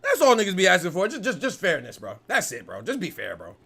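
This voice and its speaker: Animated man ranting on a podcast. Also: high voice, fast talker, creaky, husky. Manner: animated, heated, frequent "bro" and profanity. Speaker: podcast host. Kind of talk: casual boxing podcast rant.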